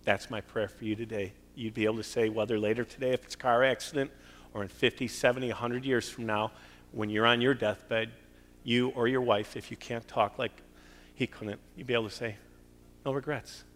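A man's voice: mid-range voice, steady tone, a little fast, fairly bright tone. A middle-aged man preaching a sermon and closing in prayer as pastor, earnest and pleading, rising to strong emphasis. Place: church sanctuary. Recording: long hall reverb.

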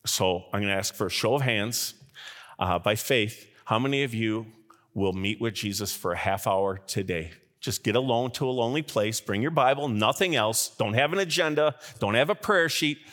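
Animated middle-aged male pastor preaching. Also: moderate pace. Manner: animated, with sudden rises in pitch and loudness; chuckles often mid-sentence. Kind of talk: sermon.

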